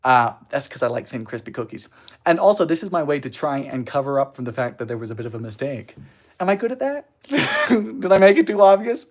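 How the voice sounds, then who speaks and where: A man's voice: fairly high pitch, very animated, a little fast. A man hosting a baking livestream in a home kitchen, chatting casually in a goofy, giggly way while reading out viewer comments.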